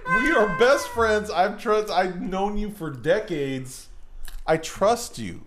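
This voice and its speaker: A man's voice: high-pitched, lively intonation, slow, heavy background noise. A man telling a profane story in casual chat, acting out both sides of the exchange.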